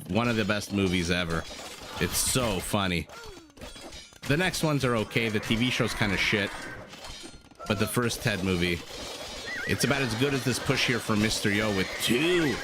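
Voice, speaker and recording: Chatty man casting a strategy game live. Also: fairly low pitch. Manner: chatty, reads and answers chat between play calls. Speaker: game commentator. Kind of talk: live-stream game commentary. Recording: audible background noise.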